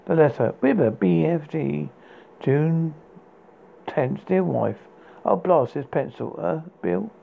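A man's voice: a little high, expressive, slow pace, gravelly. A man hosting a podcast, reading poems aloud and often stumbling and restarting words. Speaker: podcast host. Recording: tinny phone-like sound with faint hiss.

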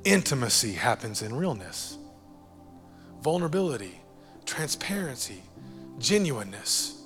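A man preaching a sermon as pastor, animated and jokey, repeating key phrases for emphasis. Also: medium pitch, measured pace, long reverb tail, soft background music.

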